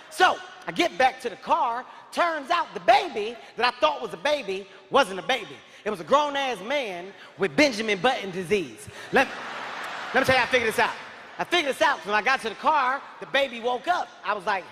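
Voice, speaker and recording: A man doing stand-up comedy, telling a wild story in a loud, animated, profane way, often shouting. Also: high-pitched, fairly quick, long reverb tail, slight background noise.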